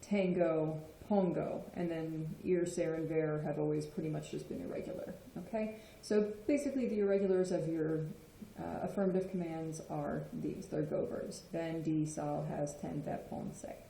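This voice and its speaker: Teacher type: woman, low-ish mellow voice, patient explainer, roomy echo. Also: fairly even intonation, moderate pace, gravelly, hardly any pauses, slight background noise. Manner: patient, checks in with frequent "okay?". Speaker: Spanish teacher. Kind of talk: explanatory lesson. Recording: echoey room.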